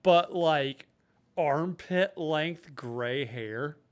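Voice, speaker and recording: Smooth-voiced man joking on a podcast. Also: on the high side, extremely slow. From United States. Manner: jokey, swearing, drops into put-on voices. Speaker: podcast co-host. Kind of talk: casual comedic chat.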